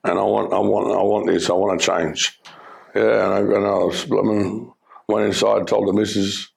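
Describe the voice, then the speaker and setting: A middle-aged Australian man giving his personal testimony, telling his story in an earnest, halting way with many fillers. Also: on the low side, flat delivery, gravelly, a little mellow. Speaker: former criminal telling his life story.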